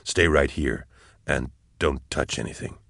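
Steady soldier voiced by a man, very deep, hushed, measured, dry close sound. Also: vocal fry, no room sound, heavily acted. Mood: quiet. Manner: low, quiet, measured, sometimes whispering. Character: calm, steady male soldier, quiet and low.

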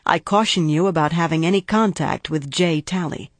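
A woman reading the lines of a cautious female prosecutor in an audiobook, deliberate and precise. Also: low voice, no echo. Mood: cautioning. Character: guarded, measured female prosecutor, middle-aged.

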